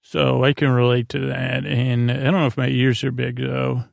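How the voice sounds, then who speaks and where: A man's voice: medium pitch, little pitch movement, normal speed, vocal fry, no echo, studio quality. A man hosting a podcast, recapping an episode in a meandering way full of fillers and restarts, meant for falling asleep to. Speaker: podcast host. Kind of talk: rambling episode recap for sleep.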